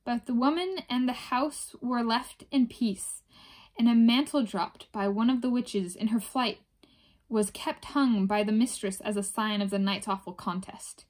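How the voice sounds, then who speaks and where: A woman reading a folk tale aloud in a measured storytelling manner. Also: fairly high pitch, darkish tone. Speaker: reader.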